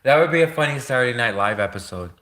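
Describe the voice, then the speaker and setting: Bright-voiced, rambling young man. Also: mid-range voice, expressive, quick pace, slight background noise. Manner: rambling, heavy "like" filler, frequent laughter. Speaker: livestream host. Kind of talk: rambling casual monologue.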